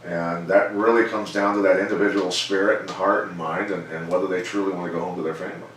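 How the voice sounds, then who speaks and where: Low-voiced middle-aged fight coach, measured plain talk, echoey room, faint hiss behind. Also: male voice. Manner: measured, plainspoken, animated when quoting others. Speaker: MMA coach and former fighter. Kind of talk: casual storytelling interview. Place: gym. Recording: echoey room, mic far off.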